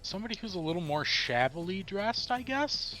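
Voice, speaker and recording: A man's voice: high-pitched, very animated, fairly quick, sharp tone, soft background music. A man playing a tabletop role-playing game, talking bluntly and casually, a bit crude. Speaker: player.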